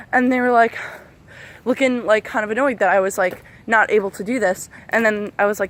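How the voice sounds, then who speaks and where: A woman's voice: mid-range voice, flat delivery, a little fast. A woman in her twenties angrily venting in a casual vlog, swearing a lot while walking outdoors among trees. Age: 20s. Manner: angry, profane, venting. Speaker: vlogger.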